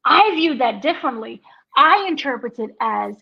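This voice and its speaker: An entertainment editor co-hosts a casual TV review chat, talking things through and acting out quotes from the show. Her high voice is gravelly, husky and sharp, lively in intonation at normal speed, on dull lo-fi audio.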